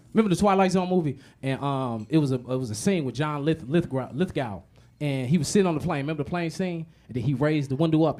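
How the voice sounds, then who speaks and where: A man with a fairly high voice performs stand-up comedy. He tells profane, animated stories full of repetitions and drops into low, muttered asides before loud punchlines.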